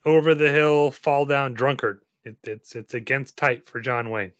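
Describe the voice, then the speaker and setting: A man's voice: mid-range voice, normal speed, dry recording. A man hosting a podcast, joking with friends and then reading a spooky story aloud with playful theatrical flair. The sound is dry and close, slightly dull and lo-fi. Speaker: podcast host.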